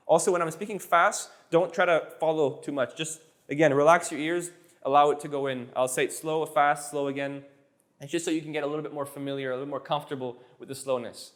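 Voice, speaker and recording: Playful, high-voiced man teaching a class. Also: fairly even intonation, fast. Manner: playful, jokey, repeats words for drill. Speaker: Spanish teacher. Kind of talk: live classroom lesson.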